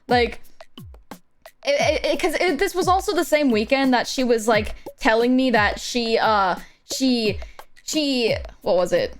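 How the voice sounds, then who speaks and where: A woman's voice: on the high side, moderate pace, soft background music. A woman streamer and commission artist telling a story casually while she draws, rambling and swearing, with "like" in almost every line. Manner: rambling and profane, heavy use of "like", animated retelling.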